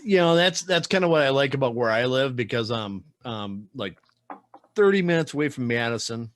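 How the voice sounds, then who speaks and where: A man's voice: medium pitch, expressive, normal speed, fairly bright tone. A man with a Wisconsin accent hosting a podcast interview, chatty and joking, often repeating his words. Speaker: podcast host. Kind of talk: casual interview chat.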